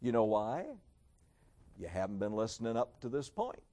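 A man preaching a sermon in an emphatic, sarcastic way, dropping to a hush and then rising again. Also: lowish voice, animated, normal speed. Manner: emphatic, sarcastic, swings between loud and hushed.

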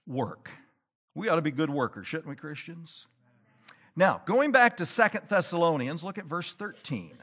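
A man preaching a sermon in a church, with animated delivery that rises to loud, emphatic peaks. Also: a little high, moderate pace, husky. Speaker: pastor.

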